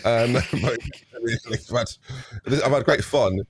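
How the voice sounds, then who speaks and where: A man's voice: medium pitch, drawn-out words, slight background noise. A man, a podcast guest telling a funny anecdote with laughs. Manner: animated storyteller, laughs, does voices in quotes.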